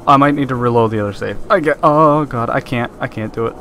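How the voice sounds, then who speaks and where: A man's voice: mid-range voice, moderate pace, fairly bright tone, slight background noise. A man giving let's-play commentary while playing a game, nervous and easily startled, breaking into screams when scared. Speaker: gameplay commentator.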